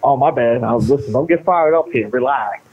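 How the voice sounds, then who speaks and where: A man answering a prank call, talking calmly and teasingly while trying to soothe the caller. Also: mid-range voice, a little fast. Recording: tinny phone line.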